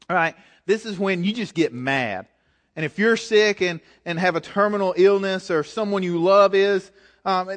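A man with a high-pitched voice preaches a sermon in a relaxed, conversational way. He drives his points home with emphatic, direct urging.

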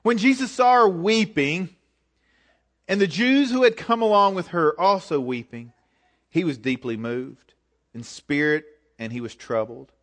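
A man with a high-pitched voice preaches a sermon in a relaxed, conversational way. He drives his points home with emphatic, direct urging. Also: unhurried.

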